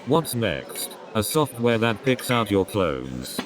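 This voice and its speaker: A man's voice: on the low side, big pitch swings, slow, over music. A man doing a stand-up comedy routine, rambling through setups and repeating his catchphrases. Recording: crowd noise behind the voice.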